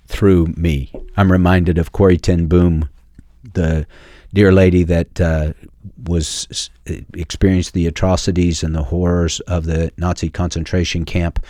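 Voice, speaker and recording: A man hosting a Christian call-in radio show, telling a faith story in an earnest way with frequent pauses and fillers. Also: low voice, a little mellow, no echo, studio quality.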